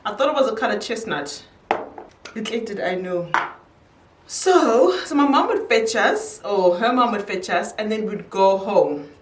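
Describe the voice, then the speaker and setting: A woman's voice: mid-range voice, lively intonation, measured pace, distant mic, a little hiss or hum. A young woman chatting casually to camera while doing her makeup, telling a story and laughing easily. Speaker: beauty vlogger. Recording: echoey room, voice from off-mic.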